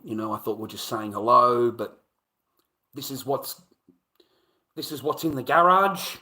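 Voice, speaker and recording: A man streaming live, rambling through a story with heavy swearing and animated bursts. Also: medium pitch, a little slow, long pauses. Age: adult. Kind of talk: casual livestream storytelling.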